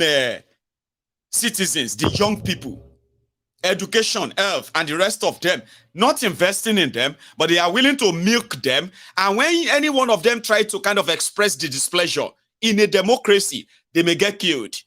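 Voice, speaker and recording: A man's voice: a little high, pushed and bright. Exasperated Nigerian man in Pidgin-flavored rant. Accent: Nigerian Pidgin English. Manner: sarcastic, exasperated, mixes Pidgin. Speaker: political commentator. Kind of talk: ranting video commentary.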